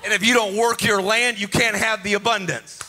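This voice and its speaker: High, sharp-voiced preacher man. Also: fairly even intonation, brisk. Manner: sing-song, joking, rousing calls to the crowd. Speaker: conference preacher. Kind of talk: energetic sermon. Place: conference stage.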